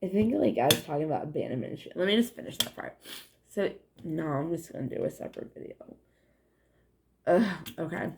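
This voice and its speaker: Against a noisy background, a young woman with a New England accent rambles to her viewers a little fast in a low, animated voice. It's a meandering, casual monologue to camera, loaded with "like" and swearing and punctuated by frequent laughs.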